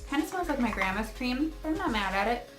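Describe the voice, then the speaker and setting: A woman's voice: fairly high pitch, sing-song, fast talker, roomy sound, music in the background. A woman in her thirties, a beauty vlogger chatting casually about her skincare routine in a rambling way, with many fillers and asides. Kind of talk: casual chatty product review.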